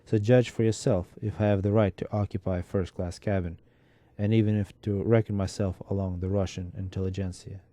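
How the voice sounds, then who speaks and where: A bitter, mocking middle-aged Russian clerk, worn down by illness, holds forth in a sardonic, lecturing drawl, as a man reads him out in a storybook telling. The voice is very dark and mellow, a little low, and sits close and dry with no room around it. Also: steady tone, brisk, hardly any pauses, dry recording, lightly acted.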